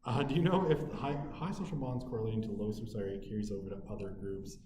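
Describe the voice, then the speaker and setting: Male lecturer, relaxed chatty delivery full of "you know", in a reverberant classroom with faint background hum. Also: on the low side, fast. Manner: conversational, frequent "right?" and "you know" tags. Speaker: university lecturer. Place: university lecture room. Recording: echoey room with faint ambience.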